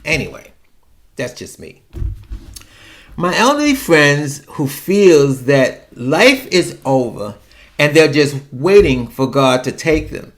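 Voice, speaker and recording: A man's voice: medium pitch, animated, slow. A man hosting a solo podcast and talking in a chatty, wry, digressive way. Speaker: podcast host. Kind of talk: monologue about personal fears.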